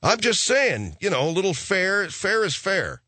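Sarcastic middle-aged male storyteller, lively pitch, dry booth sound. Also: a little slow, no echo. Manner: sarcastic, profane, rambling. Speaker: comic storyteller. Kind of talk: ranting comic monologue.

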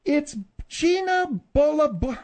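A woman's voice: high-pitched, lively intonation, slow, a little mellow. An older woman co-hosting a radio show, bantering in a bossy, teasing way. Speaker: radio co-host.

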